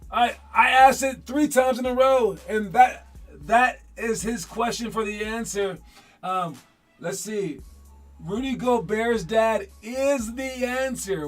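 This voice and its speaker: Rambling man hosting a livestream. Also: sits high. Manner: rambling, with many self-corrections. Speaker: basketball show host. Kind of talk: casual livestream chat.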